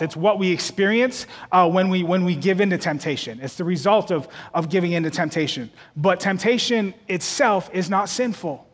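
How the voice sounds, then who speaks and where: A man's voice: sits high, a bit bright, big-room sound. A man preaching a sermon as pastor of a church, repeating words as he builds toward emphatic peaks.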